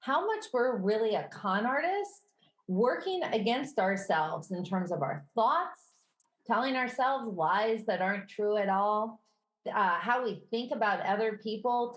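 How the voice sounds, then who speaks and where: A woman with a Midwestern accent co-hosting a podcast in casual chat, conversational and quick to laugh. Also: medium pitch. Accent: Midwestern American. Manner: conversational, laughs easily, self-correcting. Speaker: podcast co-host. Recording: roomy echo.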